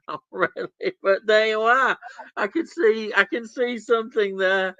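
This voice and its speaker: A man's voice: high voice, unhurried, pushed and bright, no echo. A man, co-hosting a live stream, chuckling as he reads out chat messages. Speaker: stream co-host reading chat. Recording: dull, dry sound.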